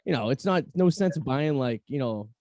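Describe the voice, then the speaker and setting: A man's voice: mid-range voice, animated, normal speed, mellow, no echo, studio quality. A man from Revere, Massachusetts, hosting a podcast in a rambling, conversational way. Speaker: podcast host. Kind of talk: casual podcast chat.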